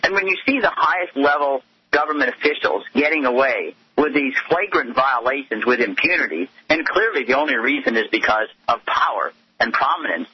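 A man's voice: mid-range voice, animated, fairly quick, breathy edge, muffled recording. A man speaking as a guest on a talk radio show, arguing in an impassioned, indignant way over the phone. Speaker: guest commentator.

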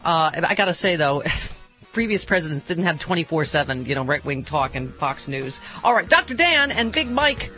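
A woman's voice: low-pitched, very animated, moderate pace, lo-fi sound, faint music behind. A woman hosting a radio talk show, chatty and emotional, laughing often. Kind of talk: casual radio chat.

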